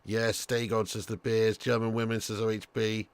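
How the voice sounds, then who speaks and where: A man's voice: on the low side, completely flat delivery, normal speed, smooth. Chatty man hosting a football watch-along. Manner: casual and chatty, swears, calls viewers lad. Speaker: streamer and watch-along host. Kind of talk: live football watch-along commentary, reading chat.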